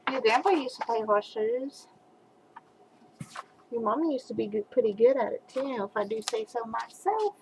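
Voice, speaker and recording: An older woman, a grandmother, reading a rhyming picture book aloud to a small child over a webcam, with soft asides between verses. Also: fairly high pitch, animated, moderate pace, slight background noise, rough recording.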